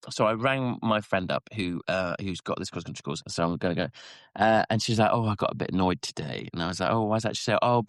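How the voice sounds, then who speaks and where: A man co-hosting a casual podcast chat, telling stories with halting restarts. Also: dry recording, clean studio sound. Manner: rambling storyteller, halting restarts, squeaky quoted voices. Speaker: podcast co-host.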